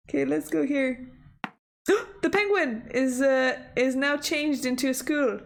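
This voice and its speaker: A young woman streaming a chess game, talking excitedly to her computer opponent, gasping and exclaiming at the moves. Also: sits high, unhurried. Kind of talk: casual live-stream chess play-by-play.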